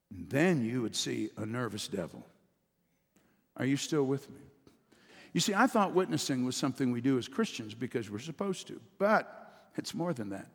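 A man preaching a sermon as pastor, leading his congregation in call-and-response with rising, emphatic delivery. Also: mid-range voice. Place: church sanctuary. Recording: long reverb of a church hall.

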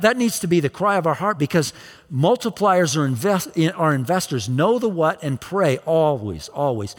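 A man's voice: on the high side, long reverb tail. A male pastor preaching a sermon, emphatic, repeating phrases for emphasis.

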